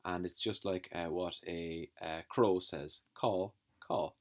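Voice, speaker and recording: A man teaching a phonics lesson to young children, slowly sounding out letters and words. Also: deep voice, fairly even intonation. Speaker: primary school teacher.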